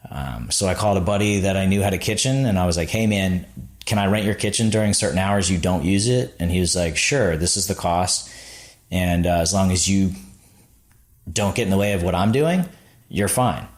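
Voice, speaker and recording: A man's voice: deep voice, fairly quick. A man, a podcast guest, telling his founding story casually and acting out the people he quotes, with many "like"s. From Florida.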